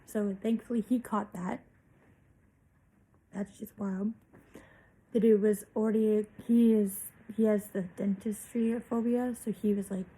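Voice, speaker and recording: A woman's voice: a little high, mellow, slightly rough, poor audio. A young woman vlogger telling a personal story in a candid, chatty way, swearing freely.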